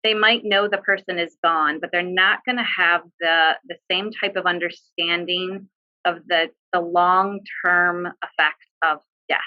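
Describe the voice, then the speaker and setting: A woman's lower voice, steady in tone and measured in pace, comes through a muffled recording. Speaking in a webinar discussion over a video call, this bereavement social worker offers sincere, straightforward advice, often using fillers.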